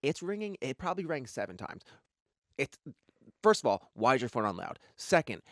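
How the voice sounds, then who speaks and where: A man co-hosting a podcast, telling stories in a casual chat with lively swearing. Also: mid-range voice, dry recording. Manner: rapid, animated storytelling with lots of swearing. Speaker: podcast co-host.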